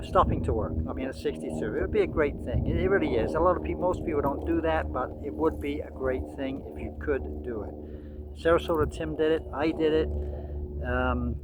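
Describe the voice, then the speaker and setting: A man's voice: on the high side, very noisy. A man in his sixties giving casual, rambling commentary with frequent fillers and restarts. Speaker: vlogger.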